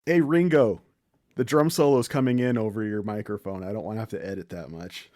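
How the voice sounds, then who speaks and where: A man narrating as game master of a tabletop role-playing game, relaxed and chatty. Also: fairly low pitch, a little fast. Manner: relaxed, chatty, laughs often.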